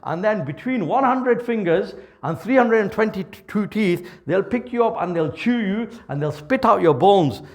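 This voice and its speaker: A man's voice: high-pitched, lively intonation, normal speed, few pauses, a little mellow. A man giving a sermon as vivid, dramatic storytelling, mixing in Urdu and Arabic words. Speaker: Islamic preacher.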